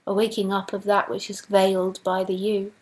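A woman spiritual teacher giving an online talk over a video call, speaking slowly and reflectively with pauses. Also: mid-range voice, flat delivery, darkish tone, poor audio. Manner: slow, reflective, pausing.

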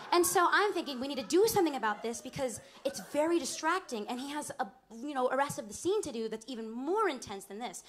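A young woman with a bright, high voice tells an onstage story between songs in a small club. She laughs through it and acts out everyone's lines. Her live mic picks up plenty of background noise. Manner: animated, laughing, acts out other people's lines. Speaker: singer telling a stage story between songs.

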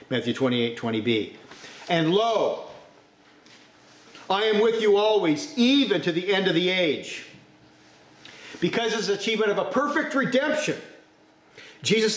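A male preacher delivering a forceful sermon, his voice sitting a little high for a man. He rises sharply in pitch to drive points home. The sound carries noticeable room echo.

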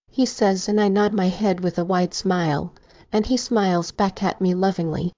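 A woman's voice: medium pitch, normal speed, a little mellow, dry recording. Woman reading a romance audiobook. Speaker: audiobook narrator. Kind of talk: first-person audiobook narration. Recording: slightly dull, dry recording.

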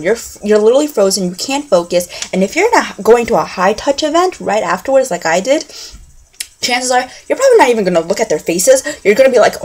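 A young woman chats straight into a camera mic at a mid pitch, talking quickly and loosely with lots of fillers and repeated words. She acts things out as she goes, gasping and bouncing her tone around to play the reactions. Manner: animated, acts out fan reactions with gasps. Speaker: vlogger. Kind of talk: casual chat to camera.

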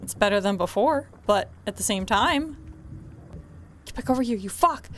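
A woman giving casual let's play commentary, chatty and laughing, often yelling profanities at characters. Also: medium pitch, expressive, moderate pace, slight background noise. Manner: profane, yells at game characters. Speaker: gamer.

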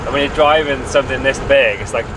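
Laid-back man over loud noise. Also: medium pitch, quick pace, distant mic. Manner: relaxed, says "like" often. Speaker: friend and van driver. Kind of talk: casual chat. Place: in and around a van outdoors.

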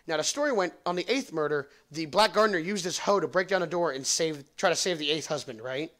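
Fast and fairly bright, with lively intonation and a pitch on the high side, a young man hosts a podcast. He rambles through a long, foul-mouthed, comic story, laughing at his own jokes as he goes.

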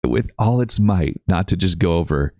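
A man hosting a casual reaction video, talking in an excitable, incredulous way and laughing often. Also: low-pitched, normal speed, no room sound, clean studio sound. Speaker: YouTube reaction host.

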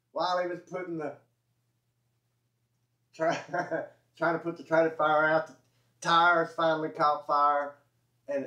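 A man's voice: on the high side, fairly bright tone. A man with a Southern US accent telling a rambling, chuckling farm story, often correcting himself mid-sentence. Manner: rambling, self-correcting, chuckling folksy delivery. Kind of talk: casual spoken anecdote. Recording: echoey room, dull lo-fi audio.

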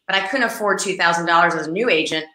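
Middle-aged female agent telling a lively anecdote in a roomy interview setting; crisp, bright tone, acts out the people in her story. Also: lowish voice, quick pace. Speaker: real estate agent, guest. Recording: roomy echo.

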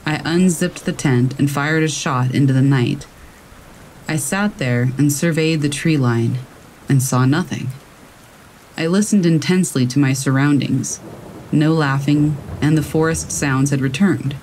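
A man narrating true scary stories in a slow, measured storytelling manner. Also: fairly high pitch, darkish tone, slight background noise, rough recording. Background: rain.

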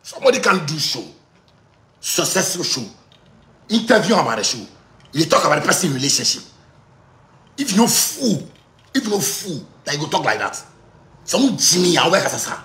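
A Ghanaian man in his thirties rants in Pidgin-tinged English, his voice pitched high and bright. He swings up and down wildly, repeating himself and bursting into shouts. The sound bounces around a roomy space. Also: moderate pace, long pauses. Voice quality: loud, excitable, repetitive. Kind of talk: heated rant.

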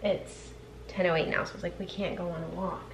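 A young woman in her twenties chatting casually in a home vlog, rambling with fillers, and switching to a high sing-song voice to call her dogs. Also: level tone, fairly quick, gravelly, a little hiss or hum, rough recording. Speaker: vlogger.

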